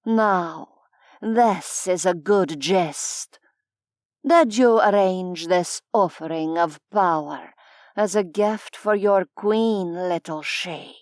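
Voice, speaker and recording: A woman voicing a cruel, amused fae queen who speaks in a slow, silky purr. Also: on the low side, darkish tone, no room sound, clean studio sound, voice pushed down. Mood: purring mockery.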